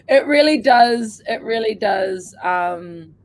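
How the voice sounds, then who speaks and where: A woman's voice: medium pitch, measured pace, gravelly, a little mellow. A woman co-hosting a casual chat, giggly and chatty, often trailing off mid-sentence. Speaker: podcast co-host.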